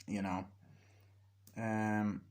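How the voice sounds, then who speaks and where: A man's voice: lowish voice, flat delivery, drawn-out words, a little mellow. A man giving a casual, rambling film review, swearing freely and acting out scenes as he retells them. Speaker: movie reviewer.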